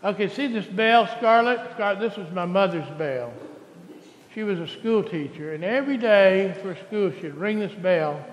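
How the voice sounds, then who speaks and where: A pastor leads a children's sermon in a large church sanctuary, coaxing the kids along in a playful way. His high-pitched voice has lively intonation at a normal speed, picked up by a distant mic in the echoey hall.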